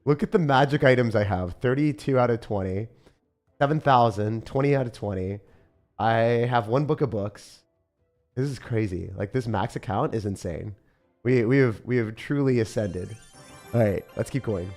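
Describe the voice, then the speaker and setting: A young man giving casual, excitable gameplay commentary, often breaking into disbelief and calling the listener dude or bro. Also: mid-range voice, normal speed, soft background music. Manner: excitable, frequent disbelief outbursts, calls viewers dude and bro. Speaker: gaming creator.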